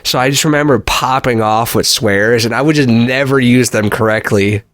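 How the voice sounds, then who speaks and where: A man's voice: medium pitch, normal speed, fairly bright tone, no echo. A young man co-hosting a casual podcast chat, laid-back and rambling, laughing often. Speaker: podcast co-host.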